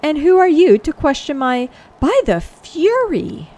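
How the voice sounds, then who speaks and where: A woman's voice: high voice, sing-song, a little slow, dark tone, voice pushed up. A woman voicing a proud male knight leader in a fantasy game who speaks in formal, old-fashioned phrasing. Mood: surprised, deferential. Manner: archaic courtly speech, dramatic exclamations.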